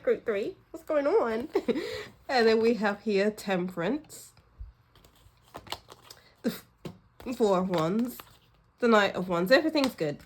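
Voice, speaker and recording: A fairly high-pitched woman's voice, with a little hiss or hum in the recording, belongs to a tarot reader giving a pick-a-card reading. She speaks right to her viewers, emotional and effusive, often laughing and sighing, and offers warm reassurance.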